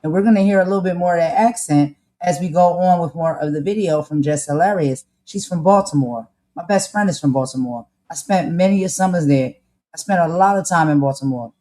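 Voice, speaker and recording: A woman's voice: on the low side, brisk, mellow. Emphatic woman podcast co-host, Jersey accent with a North Carolina touch, talks with fire and rhetorical "okay?"s. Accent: New Jersey with a touch of North Carolina. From New Jersey. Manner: emphatic, fired-up, uses "y'all" and "okay?". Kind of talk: candid casual commentary.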